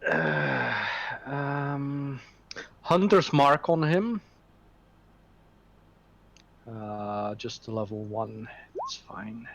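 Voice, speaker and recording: A man playing a tabletop game, slow and deliberate with many hesitations. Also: mid-range voice, big pitch swings, fairly bright tone, lo-fi sound. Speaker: player. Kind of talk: casual tabletop play.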